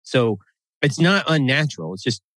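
A man talking bluntly and with a lot of swearing in a casual podcast chat, getting animated when he rants. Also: mid-range voice, moderate pace, no echo.

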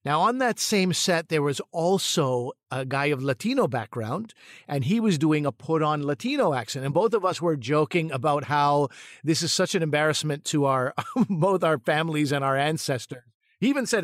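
A man with a fairly high speaking voice co-hosts a casual podcast, thinking aloud as he tells a story. He often restarts his sentences. The sound is close and dry, with no room echo. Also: animated, moderate pace. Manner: thoughtful storyteller with frequent restarts. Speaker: podcast co-host, comedic actor.

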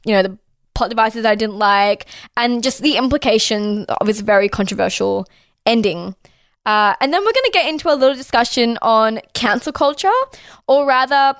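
A woman's voice: a little high, clean tone, no echo, studio quality. A young woman co-hosting a podcast, ranting in heated, sarcastic casual chat with lots of swearing. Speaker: podcast co-host.

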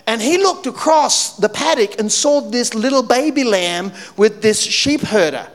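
A man preaching a sermon, telling a story with lively shifts between loud punchy lines and low, quiet, weighty ones. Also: unhurried, big-room sound. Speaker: pastor.

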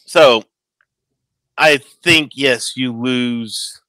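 A man in his forties co-hosting a casual podcast chat, telling stories and acting out quotes with lively emphasis. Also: medium pitch, extremely slow, dry recording. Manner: animated storyteller, acts out quotes. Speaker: podcast co-host.

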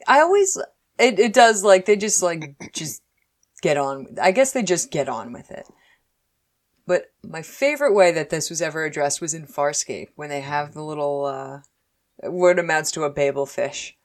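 A woman casually recapping a TV episode with a co-host, playful and quick to act out the characters. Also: sits low, animated. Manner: playful, acts out characters in quick voices, laughs often. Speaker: podcast co-host.

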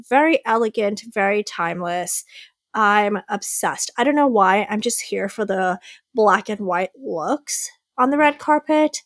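A young woman chatting casually and enthusiastically as a co-host. Her voice sits at an ordinary middle pitch and sounds dry and close to the mic. She gushes freely. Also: dry recording. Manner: enthusiastic, gushing. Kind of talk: casual fashion chat.

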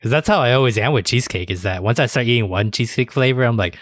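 Male podcast host, mid pitch, dry close mic, casual and profane. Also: very fast, fairly bright tone, dry recording. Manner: swears freely, lots of fillers.

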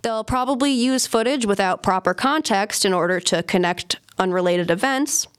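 A woman's voice: mid-range voice, normal speed, smooth. A woman hosting a casual podcast, telling a story in a conversational way with asides. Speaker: podcast host.

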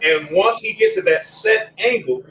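A fairly high-voiced man walking listeners through a machine demonstration step by step. He sounds distant from the mic in a roomy space with faint background ambience. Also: very animated, moderate pace, a bit bright, slight background noise. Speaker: equipment demonstrator.

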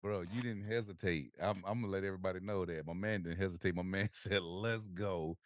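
A man's voice: low voice, brisk, background noise. A man in his forties hosting a podcast, chatting casually and telling stories with energy. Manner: animated storytelling, laughs often, acts out quotes. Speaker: podcast host. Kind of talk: casual conversation.

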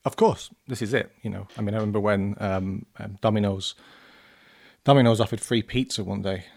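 A man's voice: lowish voice, fairly quick, creaky, a little mellow. A man in his thirties with a northern English accent, a guest journalist on a podcast, speaking hesitantly with many ums and restarts. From northern England. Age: 30s. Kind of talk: casual podcast chat.

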